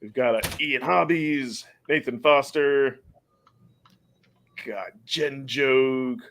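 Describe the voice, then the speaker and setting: A man's voice: mid-range voice, a bit bright. A man hosting a casual podcast chat, chatty and laughing often, sometimes stumbling over names. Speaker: podcast host.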